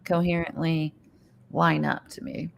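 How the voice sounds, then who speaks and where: A woman co-hosting a casual livestream chat, talking in an animated way, reading viewer comments aloud and saying "like" often. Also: low voice, measured pace, gravelly, a little hiss or hum. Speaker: livestream co-host.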